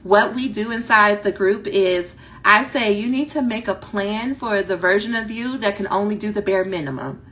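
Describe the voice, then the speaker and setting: A woman dissertation coach giving a direct, animated talk that acts out her students' inner voices. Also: mid-range voice, normal speed.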